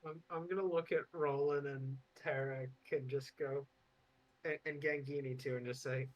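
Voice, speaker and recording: A male player in a tabletop game who talks in a middle pitch and stammers, often repeating words before getting them out. His tone is casual and hesitant. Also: steady tone, moderate pace, highs cut off.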